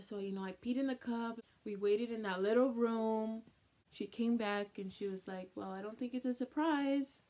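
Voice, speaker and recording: A woman's voice: on the high side, normal speed, warm tone. A woman in her twenties telling an emotional story in a chatty way, full of "like", slipping into Spanish phrases, teary from crying. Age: 20s. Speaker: vlogger.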